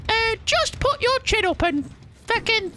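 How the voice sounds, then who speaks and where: A man doing a crude, mocking impression of a squeaky furry red puppet monster. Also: expressive, unhurried, noisy background. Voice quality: high squeaky put-on voice.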